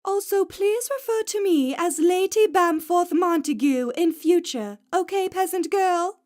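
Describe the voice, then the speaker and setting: Posh mock old lady voice, very high, slow, loud, storybook reading, by a woman. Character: posh uptight old lady, put on by a young man joking.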